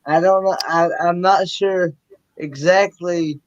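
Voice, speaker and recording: Slow, hesitant man on a dull line. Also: high voice, steady tone, no room sound. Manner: hesitant, chuckling. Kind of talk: casual chat.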